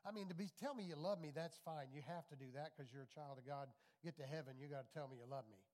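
Pastor, male, middle-aged, raised pitch, emphatic call-and-response preaching. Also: fast talker, a little mellow. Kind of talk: sermon.

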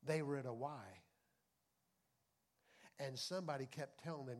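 A man preaching a sermon as pastor, folksy and conversational, dropping to soft confiding talk and rising to loud preaching. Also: medium pitch, moderate pace, long pauses.

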